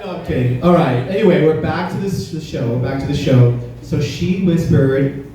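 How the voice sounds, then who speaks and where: A man's voice: fairly high pitch, moderate pace, mellow. A man performing a stand-up comedy set on stage, teasing the crowd with a punchy, conversational delivery. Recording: roomy, distant club recording with faint noise.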